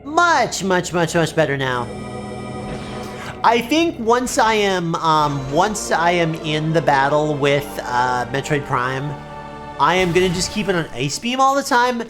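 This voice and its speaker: A woman streaming a video game live, chatting with viewers and yelling at the game when it goes wrong. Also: low-pitched, measured pace, over music. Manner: excitable, yells at the game, then apologizes. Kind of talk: live gameplay commentary.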